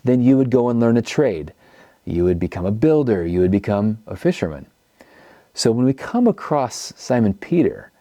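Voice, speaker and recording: A man's voice: medium pitch, mellow, no echo, studio quality. A man preaching a teaching sermon, telling the story and acting out quoted speakers. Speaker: pastor.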